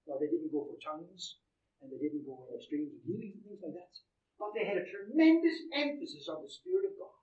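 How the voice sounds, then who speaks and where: A man preaching a sermon, emphatic, swinging between loud and quiet. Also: sits high, big pitch swings, fast. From Canada. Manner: emphatic, rising and falling in volume. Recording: roomy echo, heard from a distance.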